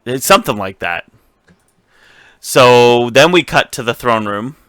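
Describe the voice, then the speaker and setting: Casting: bright, tense-voiced man, casual podcast co-host, rambling and profane, dry close mic. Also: medium pitch, animated, a little slow, smooth, no room sound. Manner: rambling, swearing, laughs often. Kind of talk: casual recap chat.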